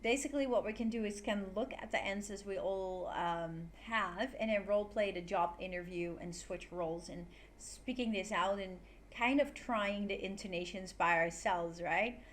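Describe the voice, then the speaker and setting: A woman's voice: mid-range voice, moderate pace, few pauses, a little hiss or hum. Young woman English teacher, playful and upbeat, online class, exaggerates intonation in her examples.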